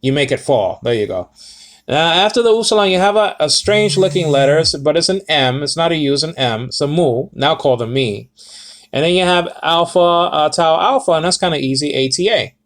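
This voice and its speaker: A man's voice: fairly high pitch, animated, a little fast, fairly bright tone. A man giving a casual Bible Greek lesson, rambling and correcting himself with many fillers. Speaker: Bible teacher.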